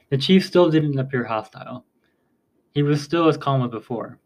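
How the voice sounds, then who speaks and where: A man's voice: medium pitch, normal speed, poor audio. Man narrating an audiobook. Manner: steady reading with occasional slips. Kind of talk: scripted storybook narration.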